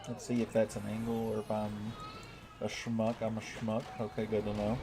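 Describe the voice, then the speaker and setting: An American man livestreams a strategy game, chatting casually and thanking people in chat by name, with music playing under him. His voice is on the low side and monotone, at a normal speed.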